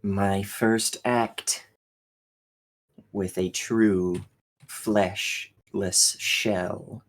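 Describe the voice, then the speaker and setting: In a tabletop role-play, a man voices a cold, hateful ancient female machine ruler, speaking slowly with seething contempt. His voice is lowish with fairly even intonation, and the recording is rough.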